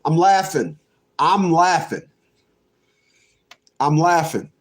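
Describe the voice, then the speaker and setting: A man's voice: fairly high pitch, animated, a little slow, pauses often. A man in his fifties ranting on a livestream, laughing often, repeating himself and cursing. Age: 50s. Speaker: livestream host. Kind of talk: rambling livestream rant.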